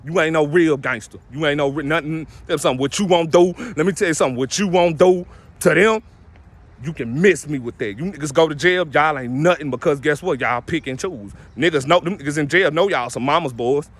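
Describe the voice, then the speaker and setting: A man's voice: fairly high pitch, brisk. Blunt ranting young man, slangy. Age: 20s. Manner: loud, blunt, street slang, preachy. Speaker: vlogger. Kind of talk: ranting monologue to camera.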